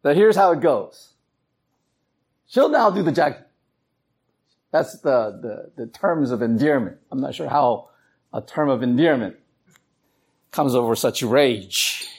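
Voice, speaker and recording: A man's voice: mid-range voice, a little slow, long pauses, husky. A man preaching a sermon, telling stories and acting out voices as he goes. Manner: animated storytelling, acts out voices. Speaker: pastor.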